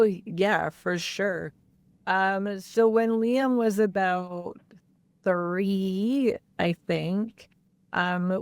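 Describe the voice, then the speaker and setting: Slow, candid woman sharing her story. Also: medium pitch, a little mellow, clear, resonant tone, no echo. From Canada. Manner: candid, halting, many fillers. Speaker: guest, mother. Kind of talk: personal interview storytelling.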